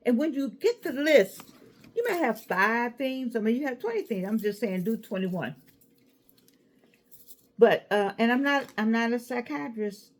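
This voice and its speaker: An older woman, chatting to camera and giving life advice in a sassy, digressive way. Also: fairly high pitch. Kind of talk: casual chat to camera.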